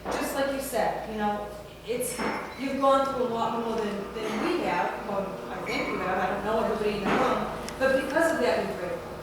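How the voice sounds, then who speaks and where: Frau mit etwas hoher Stimme, persönlicher Rat vor einer Gruppe, hallig und fern. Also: female voice, a little high, a little fast. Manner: confessional, laughing asides. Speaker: workshop speaker. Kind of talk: personal advice talk. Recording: echoey hall, far from mic, noisy.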